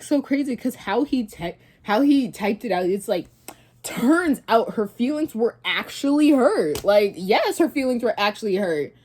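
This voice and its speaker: A woman's voice: medium pitch, darkish tone. A young woman vlogger casually retelling a story and reacting, rambling with many fillers and restarts.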